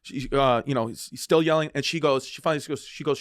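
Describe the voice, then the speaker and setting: A man's voice: medium pitch, fast talker, hardly any pauses, dry recording. A man co-hosting a podcast, telling a story in a loose, swearing way and laughing between sentences. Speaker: podcast host. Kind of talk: casual chat, storytelling.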